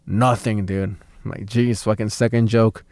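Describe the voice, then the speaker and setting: A man's voice: medium pitch, brisk, no room sound. A man, a stand-up comic and podcast co-host, telling a story in casual chat, swearing freely and acting out the people in it. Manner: animated, swearing, acts out voices.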